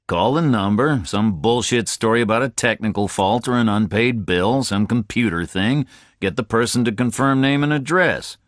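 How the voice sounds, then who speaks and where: A man's voice: mid-range voice, moderate pace, no echo, studio quality, voice pushed up, lightly acted. A man voicing a blunt, insistent male drifter who presses his point. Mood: pushy.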